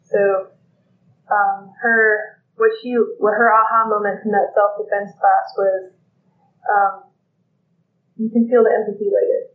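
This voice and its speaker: Halting, reflective lecturer, pauses a lot; tinny phone-quality recording in an echoey room. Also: medium pitch, flat delivery. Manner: thoughtful, halting, many pauses and fillers. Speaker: teacher. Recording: echoey, phone-like lo-fi with faint noise.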